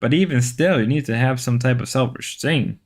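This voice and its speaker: A man's voice: medium pitch, normal speed, slightly rough. A man hosting a casual livestream, chatting loosely and reading viewer comments, repeating himself as he rambles. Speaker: livestream host.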